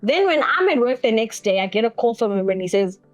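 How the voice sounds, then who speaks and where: A woman's voice: fairly high pitch, very animated, quick pace, faint music behind. A young woman tells a personal story as an interview guest, acting out the other people's lines as she goes.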